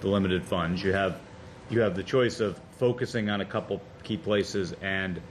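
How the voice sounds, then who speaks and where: A man on a board, speaking in a meeting in a conversational, halting way with repeated words. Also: deep voice, a little hiss or hum. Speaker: board member.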